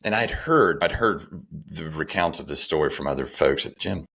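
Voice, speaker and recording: A man's voice: rumbling low, lively intonation, normal speed, vocal fry, fairly bright tone, slight background noise. A middle-aged man speaking as a podcast guest, telling a personal story in an earnest way and repeating phrases for emphasis. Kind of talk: conversational interview, personal story.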